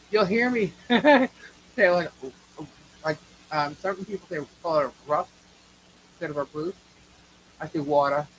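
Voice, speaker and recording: A woman's voice: fairly low pitch, a little hiss or hum, poor audio. A woman with a New York accent co-hosting a live chat, blunt and opinionated, swearing casually as she answers viewers. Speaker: livestream co-host.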